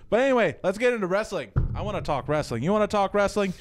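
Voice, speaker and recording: A man's voice: high voice, sing-song, fast talker. A man co-hosting a casual wrestling fan chat show, talking in a playful, announcer-like way. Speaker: podcast co-host.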